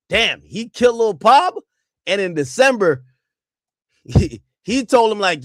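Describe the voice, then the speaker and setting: A man hosting a podcast in casual chat, excitable and slangy, swinging between low mutters and loud outbursts. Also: normal speed, no echo, clean studio sound. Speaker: podcast host. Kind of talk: casual chat reacting to clips.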